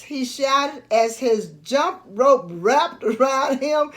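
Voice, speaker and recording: Storyteller: woman reading a storybook aloud, high, lively, slow. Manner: expressive, slow read-aloud.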